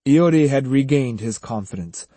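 A man narrating an audiobook in an expressive manner, acting out each character. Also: mid-range voice, moderate pace, no echo. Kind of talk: scripted narration.

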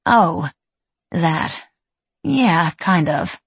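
A woman's voice: sits low, expressive, very slow, slightly rough, no echo, heavily acted. A woman voicing an anxious young female military trainee in an audiobook, speaking in a hesitant, self-conscious way. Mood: uneasy.

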